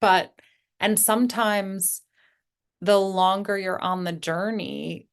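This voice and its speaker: A woman with a mid-range voice talks reflectively in a podcast chat. She pauses often and restarts her sentences as she works through her thoughts. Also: mid-range voice, smooth. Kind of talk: casual spiritual podcast chat.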